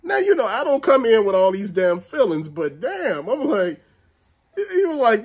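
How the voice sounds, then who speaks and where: Host casting: middle-aged man, lively comic ranter, swings his pitch a lot, salty language, laughs through his story. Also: normal speed, breathy edge. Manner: animated, profane, acts out quotes, laughs often. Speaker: show host. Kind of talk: comedic storytelling rant.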